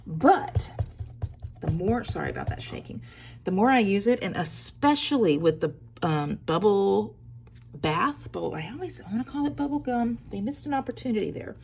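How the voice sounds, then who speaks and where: A woman's voice: mid-range voice, very animated, normal speed, vocal fry, a little mellow, slight background noise. A woman hosting a hands-on crafting tutorial from a hotel room, chatty and bubbly, talking straight to her viewers. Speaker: craft video host.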